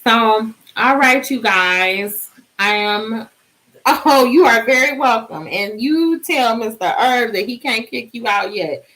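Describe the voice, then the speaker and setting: A woman's voice: a little high, takes it slowly, fairly bright tone, low-quality recording. Sleepy, chatty woman streaming live. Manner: chatty, bubbly, sings out little cheers. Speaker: vlogger hosting a live stream. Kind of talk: casual live-stream chat.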